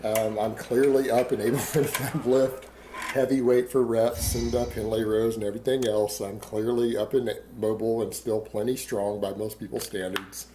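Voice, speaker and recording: Defiant rambling man, dark voice. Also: on the low side, level tone, moderate pace, slight background noise, rough recording. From Texas. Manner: defiant, rambling, rhetorical questions. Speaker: online video creator. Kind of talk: casual monologue to camera.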